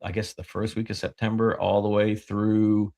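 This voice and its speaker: A man's voice: fairly low pitch, flat delivery, normal speed, warm tone. A man co-hosting a podcast, talking in a laid-back, rambling way about his schedule. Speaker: podcast co-host. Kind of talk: casual podcast conversation.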